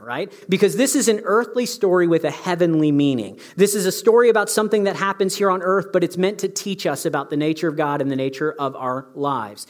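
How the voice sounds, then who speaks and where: Male preacher, casual emphatic sermon delivery, bright high voice that swings widely. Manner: conversational, emphatic, asks the audience questions. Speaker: pastor.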